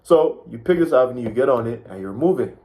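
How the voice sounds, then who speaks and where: A man's voice: mid-range voice, lively intonation, quick pace, mellow. A man giving an emphatic motivational talk to camera, often checking in with "right?" and pointing at a sketch as he explains. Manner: emphatic, keeps asking "right?" and "you see". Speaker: motivational speaker.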